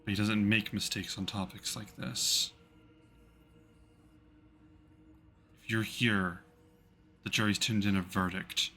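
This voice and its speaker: A man's voice: on the low side, steady tone, normal speed, sharp tone, faint music behind. A man voicing a cruel, haughty female vampire bride who talks in a mocking, imperious way. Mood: contemptuous.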